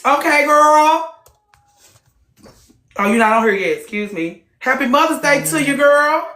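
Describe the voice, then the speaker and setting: A woman's voice: sits high, expressive, measured pace, bright, forceful tone. Blunt, profane woman host, echoey sound. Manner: blunt and profane, rhetorical questions. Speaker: host of a live group talk. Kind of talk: casual heated talk to listeners.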